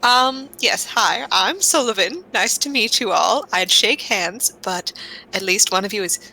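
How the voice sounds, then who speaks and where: A woman's voice: medium pitch, animated, unhurried, vocal fry, bright, forceful tone, exaggerated voice, poor audio. A woman voicing a vain, cagey, wealthy male half-drow dandy, haughty and teasing in manner.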